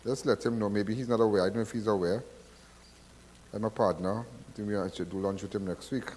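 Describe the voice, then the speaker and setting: A man's voice: fairly low pitch, steady tone, a little fast, darkish tone, big-room sound, a little hiss or hum. A man with a Trinidadian accent hosting a call-in show, talking in a rambling, repetitive, preachy way. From Trinidad and Tobago. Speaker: radio call-in show host. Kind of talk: casual call-in talk.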